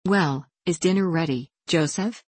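A woman's voice: lowish voice, measured pace, darkish tone, husky, no room sound. A woman reading the lines of a jovial, merry young king in a hearty, laughing manner.

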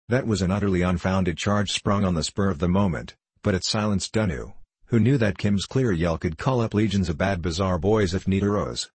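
A man reads a classic novel aloud in a measured storytelling voice. His tone is very deep and slightly husky. The recording is close and dry. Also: no room sound. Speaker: audiobook narrator. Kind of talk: scripted narration.

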